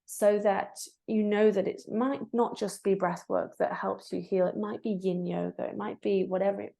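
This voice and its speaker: A woman, a guest on a podcast, talking about emotions in a warm, animated way, often saying "like" and "you know". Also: medium pitch, moderate pace, gravelly. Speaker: guest, breathwork facilitator. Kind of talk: casual interview chat.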